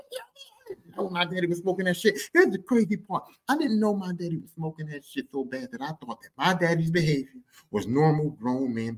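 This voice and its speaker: A man telling a story about his father on his podcast in a casual, profane, animated way. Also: fairly high pitch, breathy edge. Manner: animated, profane, jumps into quoted voices. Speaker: podcast host.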